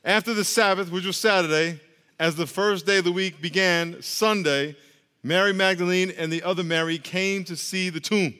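A man's voice: sits high, fairly even intonation, moderate pace, pushed and bright, clear, resonant tone, long reverb tail. A male pastor giving a casual, joking sermon, drawing the congregation into call-and-response.

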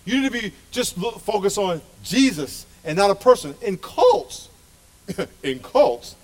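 Middle-aged man, pastor, passionate sermon, high voice, church. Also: very animated, a little slow. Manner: passionate, emphatic preaching. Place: church sanctuary.

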